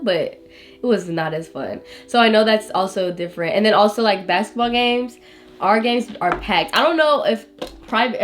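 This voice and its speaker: Chatty teen girl vlogger. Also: medium pitch. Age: late teens. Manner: chatty, heavy use of "like", slangy. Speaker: vlogger host. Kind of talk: casual chat while eating.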